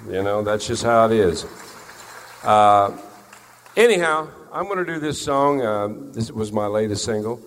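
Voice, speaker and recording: A man's voice: fairly low pitch, lively intonation, measured pace, a bit bright, slight background noise. A man, a singer telling folksy, joking stories to a crowd between songs. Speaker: country-style singer performing on stage. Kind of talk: stage storytelling between songs. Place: concert venue with house lights. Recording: long reverb of a concert hall.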